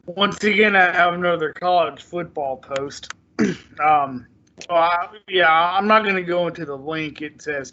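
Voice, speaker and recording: A man's voice: on the high side, unhurried, bright, forceful tone. A man co-hosting a casual podcast, making dry, understated remarks. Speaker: podcast co-host. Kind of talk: casual chat. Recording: dull, lo-fi sound.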